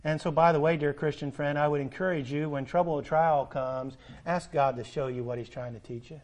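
A man preaching a sermon, swinging between loud urgent appeals and soft hushed asides, drawing out words for emphasis. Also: on the high side, fairly even intonation, a little fast.

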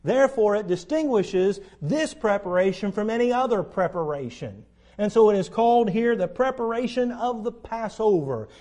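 A man's voice: high-pitched, expressive, normal speed, warm tone. A man preaching a verse-by-verse Bible lesson in a conversational way, asking his listeners questions and acting out the quoted lines.

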